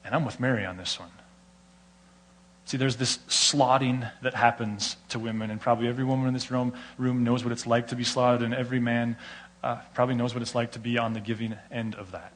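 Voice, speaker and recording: American man preaching with animated storytelling. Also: medium pitch, fairly quick. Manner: animated storytelling, acts out quoted voices. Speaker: pastor. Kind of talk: sermon.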